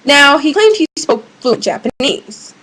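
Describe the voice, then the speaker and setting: A woman's voice: high-pitched, very animated, unhurried, a bit bright, low-quality recording. A young woman, a college student, ranting casually to her webcam at home, rambling with many fillers and restarts. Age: young adult. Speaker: vlogger. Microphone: webcam mic.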